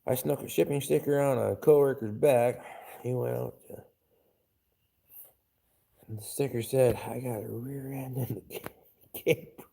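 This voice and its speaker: Gravelly, foul-mouthed live streamer man. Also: mid-range voice, fairly even intonation, a little slow, pauses often, warm tone. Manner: crude, blunt, swears constantly. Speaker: live streamer reading chat. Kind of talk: casual profane live stream chat.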